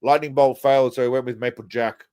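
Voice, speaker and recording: A man's voice: mid-range voice, fairly even intonation, fast, mellow, clean tone, no room sound. Crude, mocking livestream host man. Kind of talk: casual livestream commentary.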